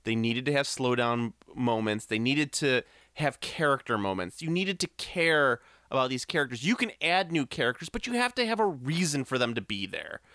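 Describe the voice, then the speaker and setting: A man ranting in an animated, laughing way during a casual chat. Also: mid-range voice, normal speed, hardly any pauses, dry recording, studio quality.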